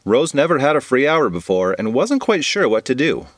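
A man's voice: medium pitch, big pitch swings, moderate pace, no room sound, clean studio sound. A man narrating a goofy children's story in a playful, comic manner. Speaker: podcast storyteller.

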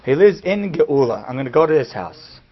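Man, sermon storyteller, animated, fairly high voice, dull lo-fi recording. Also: moderate pace, slightly rough. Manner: animated storyteller acting out quotes. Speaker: speaker giving a talk.

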